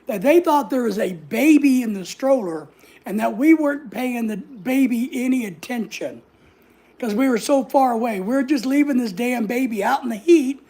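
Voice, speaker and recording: Sassy, gravelly woman. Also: on the high side, animated, normal speed, mellow. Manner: sassy, blunt, swears freely, acts out other people's lines. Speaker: vlogger. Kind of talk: casual storytelling.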